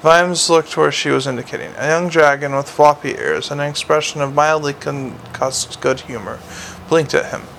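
A man's voice: a little high, normal speed, gravelly, fairly bright tone, slight background noise. A man narrating a fantasy story aloud, often stumbling and restarting words. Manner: reads with frequent slips and restarts. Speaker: audiobook narrator. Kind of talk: audiobook narration.

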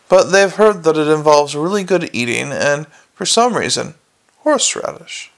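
A man reading a comic novel aloud as a narrator, in a wry, measured storytelling manner. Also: fairly high pitch, vocal fry. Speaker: audiobook narrator. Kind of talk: scripted narration.

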